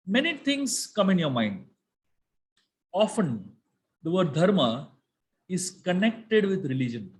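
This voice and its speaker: A fairly high-voiced man teaches a scripture class with emphatic, rising stresses. He slows down to chant verses and explain them word by word, in the manner of a spiritual teacher addressing a live audience. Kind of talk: lecture on scripture.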